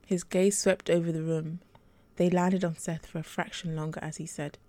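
A woman reading her own fantasy romance novel aloud as a podcast storyteller, steady and unhurried. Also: on the low side.

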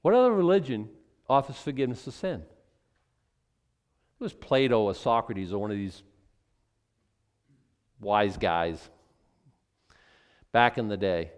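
An older man preaching a sermon in a conversational, animated way, with asides and acted quotes. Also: fairly low pitch, unhurried, pauses often. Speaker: pastor.

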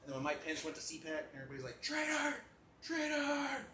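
A man telling stories in casual, excitable, profane chat among friends. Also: a little high, reverberant, heavy background noise. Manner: fast, excitable, profane storytelling.

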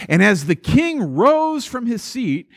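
A man preaching a sermon, telling the story in an animated way with playful asides and repeating words as he restarts. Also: extremely high pitch, takes it slowly, vocal fry, dry recording, clean studio sound. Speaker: pastor.

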